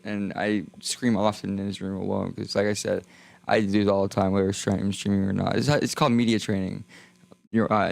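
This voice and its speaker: A young man streaming alone from a small room, rambling erratically and jumping from mumbles to sudden yells. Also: mid-range voice, creaky, dry recording. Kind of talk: rambling solo livestream chat.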